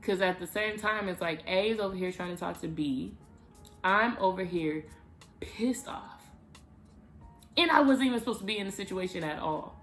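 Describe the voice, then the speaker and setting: A woman vlogger telling a personal story to the camera in a casual, animated way, with emphatic bursts. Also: mid-range voice, a little fast, soft background music.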